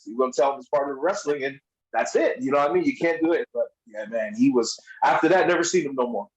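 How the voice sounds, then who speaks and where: A man's voice: medium pitch, fast talker. Guy telling wild stories on a podcast, acts out everybody's lines, laughing a lot, kinda muffled lo-fi sound. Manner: animated storyteller, acts out others' lines in raised voices, laughs often. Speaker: podcast guest. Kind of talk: casual storytelling.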